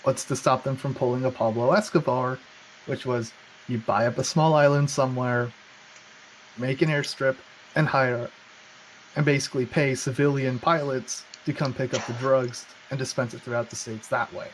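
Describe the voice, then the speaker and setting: A man's voice: medium pitch, steady tone, normal speed, slight background noise, poor audio. A man co-hosting a casual political chat, rambling with sarcastic asides. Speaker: podcast co-host.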